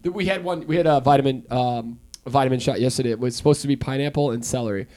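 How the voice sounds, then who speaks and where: A man's voice: medium pitch, quick pace, darkish tone. A man co-hosting a podcast in casual chat, telling stories and laughing often. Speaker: podcast co-host.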